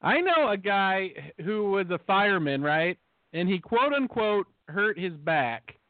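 Sarcastic dude with a high voice on a podcast, swearing, dry tinny phone sound. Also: male voice, sing-song, measured pace, no room sound. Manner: wry, sarcastic, profane. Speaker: podcast co-host. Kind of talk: casual chat.

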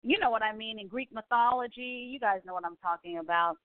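Female host, 40s, excitable casual chatter, higher voice, phone-line quality. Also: fairly quick, no room sound. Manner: excitable and gushing, frequent exclamations. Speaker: podcast host. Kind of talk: casual chat. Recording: tinny phone-like line, dry.

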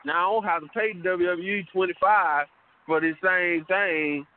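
A man's voice: sits high, fairly even intonation, moderate pace, a little hiss or hum. Easygoing man on a tinny phone line. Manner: laughing, easygoing. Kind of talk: casual chat.

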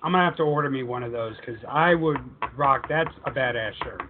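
A man's voice: mid-range voice, brisk, noisy background. A man co-hosting a podcast, chatting casually and cheerfully talking up merchandise. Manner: upbeat, plugging merchandise. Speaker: podcast co-host. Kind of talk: casual chat. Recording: tinny phone-like audio.

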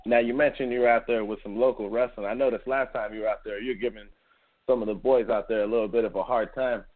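A man's voice: mid-range voice, fairly even intonation, fast talker. A man hosting a casual boxing podcast, chatting upbeat with his co-host. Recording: tinny phone-like line.

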